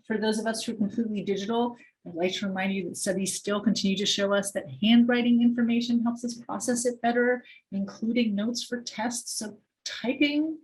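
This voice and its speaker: A woman psychologist runs a professional skills workshop. She speaks directly and in a coaching way, often turning to the group with questions. Her voice sits at a middle pitch. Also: poor audio. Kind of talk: interactive workshop teaching.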